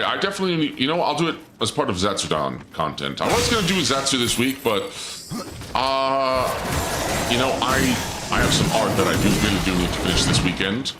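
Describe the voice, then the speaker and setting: Against a noisy background with music, a man with a lowish voice streams a game and chats casually to viewers. He rambles through a story, frequently trailing off and restarting his sentences.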